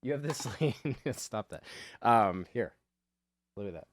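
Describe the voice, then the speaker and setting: Rambling artist guy, low-pitched, dry close voice-over, self-mocking and loose. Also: animated, unhurried, no room sound. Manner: meandering, self-deprecating, swears casually. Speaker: artist, channel host. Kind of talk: rambling commentary over a drawing video.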